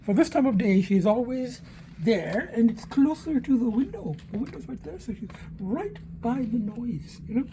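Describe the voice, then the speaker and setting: A man's voice: extremely high pitch, sing-song, moderate pace, mellow. A man vlogging on a handheld phone, rambling and ranting with plenty of swearing. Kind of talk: casual rambling vlog monologue. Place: outdoors walking, then at home. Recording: noisy outdoor phone recording.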